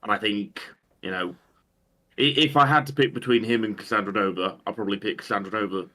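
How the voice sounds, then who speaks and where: A man's voice: on the low side, fast talker, sharp tone. A man co-hosting a casual tabletop game discussion, giving dry, understated opinions. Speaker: podcast co-host.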